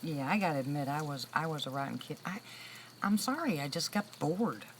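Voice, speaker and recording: A woman's voice: sits low, a little fast, slight background noise, low-quality recording. A woman in her sixties chatting casually with viewers on a livestream, telling stories and laughing often. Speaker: livestream host. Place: room with a loud air conditioner.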